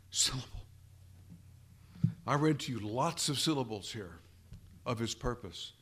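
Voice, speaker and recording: A man preaching a sermon, slow and deliberate, repeating phrases for emphasis and addressing the congregation as brethren. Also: on the low side. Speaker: pastor.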